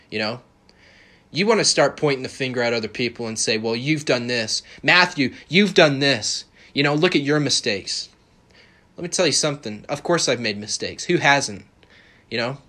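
Brief: young male podcast host, bright forceful tone, profane confrontational rant. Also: medium pitch. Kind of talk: ranting monologue.

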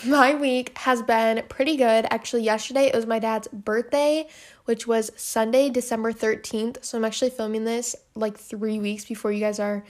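A woman's voice: a little high, fairly even intonation, moderate pace, a little mellow. A young woman hosting her own podcast, talking casually and rambling a bit, often out of breath. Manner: chatty, rambling, self-deprecating. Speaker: podcast host. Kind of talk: casual solo podcast chat.

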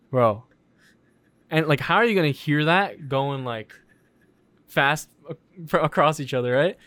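A young man telling animated stories in a casual podcast chat, swearing often and acting out what people said. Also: on the high side, slow pace, pauses often, dry recording. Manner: animated storytelling, swears a lot, acts out quotes.

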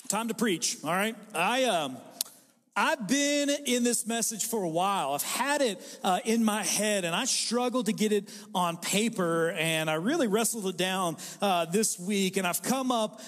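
Brief: male pastor, forties, high voice, casual joking sermon, church hall reverb. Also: measured pace. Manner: conversational and joking, with animated impressions. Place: church hall with a live congregation.

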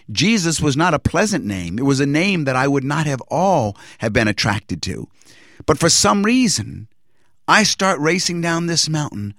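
A man telling a personal religious testimony in an earnest, reflective way, pausing and restarting as he recalls events. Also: on the high side, fairly bright tone, no echo, clean studio sound.

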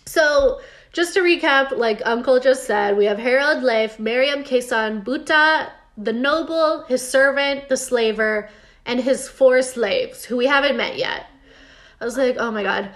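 A woman's voice: high voice, measured pace, a bit bright. A woman casually recapping a TV episode for her co-host, chatty and sarcastic, reading bits from her notes. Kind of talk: casual chat.

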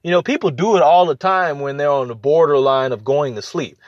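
A man with a slightly high voice talks through relationship advice in a loose, conversational way. He repeats phrases for emphasis and slips into quick acted-out exchanges. The recording is dry and slightly muffled. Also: dry recording. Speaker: podcast host. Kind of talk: casual advice talk.

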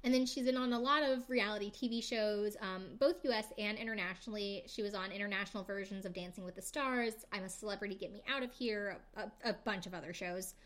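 A woman's voice: medium pitch, fairly even intonation, fast, hardly any pauses, fairly bright tone. A young adult woman hosting a podcast, recapping reality TV in a casual, chatty way with lots of fillers and jokey asides. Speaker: podcast host.

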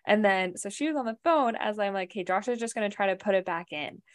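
Canadian woman just chatting, rambly, says like a lot, mid pitch. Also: animated, fast talker. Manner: chatty storytelling, heavy use of "like" and "right?". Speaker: podcast co-host. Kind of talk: casual chat.

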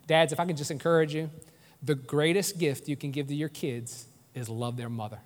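A man's voice: on the high side, a bit bright, big-room sound. A man preaching a sermon as pastor, earnest and conversational, often restarting his phrases.

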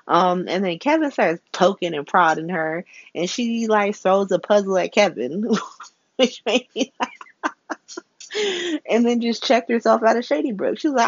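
A woman giving a casual, profane recap of soap opera episodes, sassy and animated, laughing often and acting out the characters' lines. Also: mid-range voice, slow pace, pauses often, no room sound, highs cut off.

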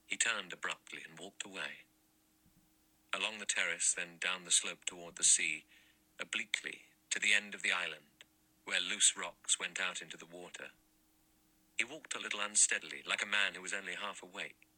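Husky man narrating an audiobook, kinda tense sharp voice, steady. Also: sits low, normal speed, poor audio. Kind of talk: scripted narration.

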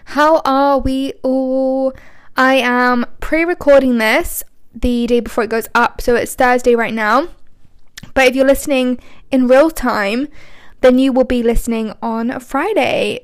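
A woman's voice: high-pitched, fairly even intonation, unhurried, clean tone, no echo. A young woman in her twenties hosting a solo podcast, talking casually and rambling with frequent ums. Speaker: podcast host.

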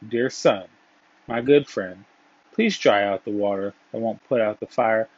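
A man's voice: fairly low pitch, measured pace, no echo. A man voicing an anxious little rooster who pleads and repeats his requests. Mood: pleading. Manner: pleading, repetitive. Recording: dull, dry, lo-fi.

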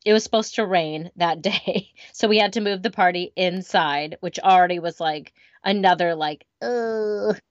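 A woman in her thirties tells family stories in a chatty, easygoing way, slipping into little quoted lines. Her voice is on the low side. The recording sounds dull and very dry, with no room around her. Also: steady tone, moderate pace, few pauses, no room sound. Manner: chatty, storytelling with quoted asides. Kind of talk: casual chat.

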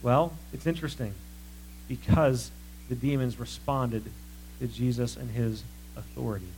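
A man preaching a sermon that walks through scripture, talking in a lively, conversational way and asking many rhetorical questions. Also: medium pitch, a little slow, slight background noise, rough recording.

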